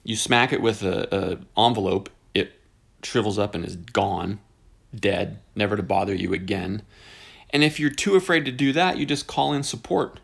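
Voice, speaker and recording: Gravelly, husky man telling a rambling story. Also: fairly low pitch, normal speed. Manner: animated, jokey, wandering into tangents. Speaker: podcast host. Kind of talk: casual rambling podcast monologue.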